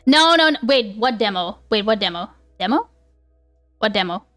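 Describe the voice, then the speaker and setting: A woman's voice: mid-range voice, expressive, normal speed, a bit bright, soft background music. A woman live streamer chatting casually with her viewers. She rambles, restarts often, laughs a lot and swears freely.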